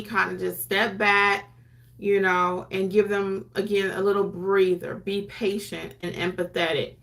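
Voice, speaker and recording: Bright-voiced chatty woman teaching notaries. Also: medium pitch, steady tone, a little slow. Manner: chatty, conversational, acts out clients' lines. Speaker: notary educator and YouTube host. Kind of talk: casual teaching talk to camera.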